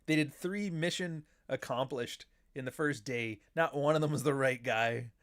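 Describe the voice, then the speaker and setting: Middle-aged Canadian man, mid-pitched, sardonic and profane, rambling livestream host. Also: normal speed. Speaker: show host. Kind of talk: casual livestream commentary.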